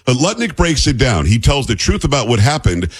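A man's voice: mid-range voice, big pitch swings, fairly quick, slightly rough. A man hosting a radio talk show, chatty and opinionated, with a plain Midwestern radio accent. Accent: neutral Midwestern radio. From New York.

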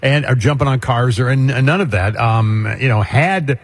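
A man co-hosting talk radio in an easygoing, chatty way. His voice is husky and sits in a middle register. He talks loosely and conversationally into a studio mic. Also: mid-range voice, normal speed. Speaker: radio talk show co-host. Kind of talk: casual talk radio banter.

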